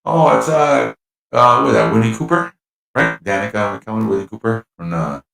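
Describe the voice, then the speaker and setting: Gravelly man hosting a chatty livestream. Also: lowish voice, expressive, moderate pace. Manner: rambling, chatty, laughs at himself. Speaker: livestream host. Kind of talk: casual livestream chat. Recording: echoey mic with faint music.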